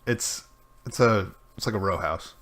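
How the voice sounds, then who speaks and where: A man's voice: deep voice, unhurried, fairly bright tone. A man running a tabletop game as dungeon master over online voice chat, hesitant and full of fillers.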